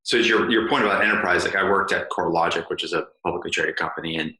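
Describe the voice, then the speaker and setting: A man hosts an interview podcast in a casual, rambling style full of fillers. His voice is very low but bright and forceful. The sound has a roomy echo. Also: quick pace. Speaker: podcast host.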